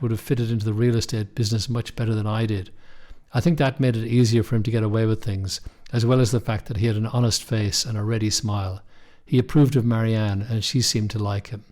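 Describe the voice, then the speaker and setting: A young man narrating a first-person story in a measured, wry way. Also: lowish voice, a little mellow. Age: young adult. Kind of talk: scripted audiobook narration.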